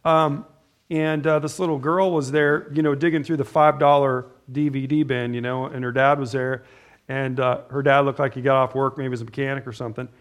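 A man's voice: medium pitch, little pitch movement, fairly quick. A middle-aged man preaching an informal sermon, telling stories in a rambling, conversational way with restarts and asides. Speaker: pastor.

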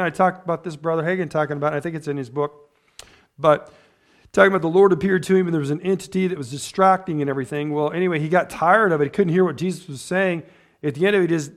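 A man preaches in church, his voice sitting a bit higher than most. He talks to his congregation casually, as though chatting, and keeps pausing to ask "right?" or "amen?" before moving on. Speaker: pastor. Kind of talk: conversational sermon.

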